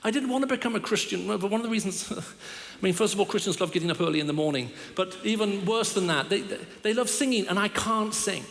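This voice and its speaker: A man's voice: high voice, fast talker, gravelly, hardly any pauses, fairly bright tone. A middle-aged man giving a sermon as a guest preacher, telling stories with humor and wry asides about himself. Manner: storytelling with humor and self-deprecating asides. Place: large church hall. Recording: long reverb of a big hall.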